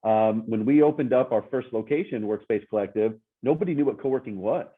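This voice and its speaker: A man's voice: medium pitch, a little fast, slightly rough. A man who co-owns a business, answering interview questions in an upbeat, emphatic way. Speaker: coworking space co-owner. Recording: tinny phone-like line.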